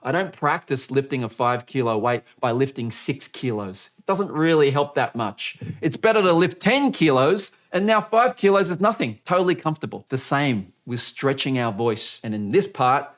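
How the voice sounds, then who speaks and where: A man teaching on-camera speaking as a coach, energetic and demonstrative, often shifting his loudness, pace and pitch to show what he means. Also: normal speed, few pauses. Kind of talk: coaching video lesson.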